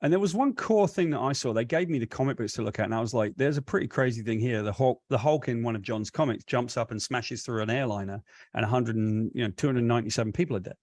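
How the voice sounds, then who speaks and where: A man's voice: medium pitch, quick pace, no room sound. Rambling man telling a long story. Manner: rambling, animated retelling with self-corrections. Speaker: comic book writer, guest. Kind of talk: storytelling interview answer.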